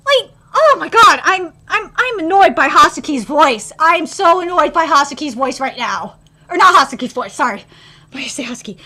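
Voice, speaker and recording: A young woman reacting live to an anime episode, excitable and swearing freely, jumping from loud squeals to low grumbles. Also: normal speed.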